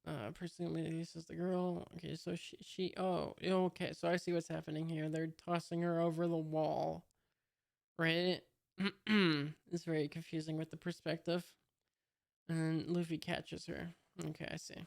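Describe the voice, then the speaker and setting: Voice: medium pitch, little pitch movement, moderate pace, vocal fry, no echo, clean studio sound. A host reading a comic aloud for the first time, hesitant and commenting along, reading out sound effects and punctuation.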